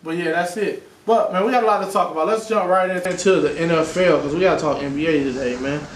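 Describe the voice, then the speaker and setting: High-voiced man talking loud sports trash. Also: fast talker. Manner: loud, joking trash talk. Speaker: podcast host. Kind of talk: casual sports chat. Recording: echoey room with faint noise.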